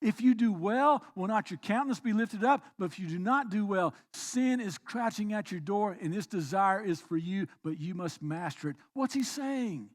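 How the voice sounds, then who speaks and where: High-voiced man preaching a sermon. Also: moderate pace, hardly any pauses. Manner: preaching with swings between quiet reflection and emphatic exhortation. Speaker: pastor. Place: church.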